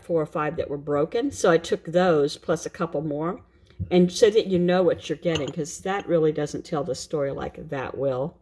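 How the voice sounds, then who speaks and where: A woman with a lowish, slightly mellow voice vlogs while cooking at home, wandering off mid-story and returning each time with another "anyway." The kitchen gives her a roomy sound.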